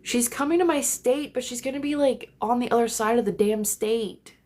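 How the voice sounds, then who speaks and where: A woman's voice: on the high side, moderate pace, darkish tone. A young woman hosting a casual phone livestream from home, chatty and rambling, swearing freely. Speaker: livestream host. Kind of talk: casual live chat. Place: home, in bed.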